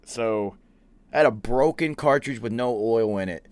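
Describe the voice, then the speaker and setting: A man's voice: mid-range voice, normal speed, a little mellow, clear, resonant tone, no echo. A man hosting a podcast, telling a story in a casual, profane, laid-back way and quoting the people in it. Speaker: podcast host.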